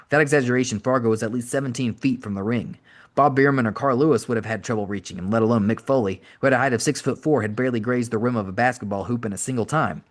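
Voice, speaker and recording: A man reads a first-person audiobook at a fast clip, with a wry edge to the telling. His voice sits at a middle pitch, and the pace stays quick throughout. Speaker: podcast host reading an audiobook. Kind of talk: audiobook narration.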